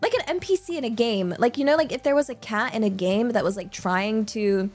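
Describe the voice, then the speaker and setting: A woman's voice: on the high side, fairly quick, darkish tone, faint music behind. Chatty, rambling British young woman. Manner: rambling and chatty, full of filler words and laughter. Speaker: livestreamer. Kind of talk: casual stream chat.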